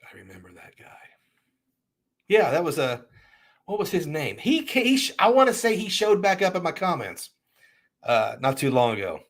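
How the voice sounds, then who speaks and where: A man's voice: fairly high pitch, sing-song, normal speed, pauses often. A middle-aged man hosting a livestream, chatting casually and reacting to viewer comments in a rambling, restart-heavy way. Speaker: livestream host.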